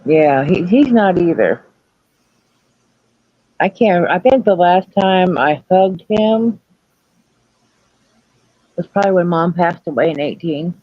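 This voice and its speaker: A woman's voice: on the low side, expressive, takes it slowly, long pauses, no room sound, lo-fi sound. A woman chatting casually on a live stream, candid and rambling, and often putting herself down. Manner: candid, rambling, self-deprecating. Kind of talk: casual chat.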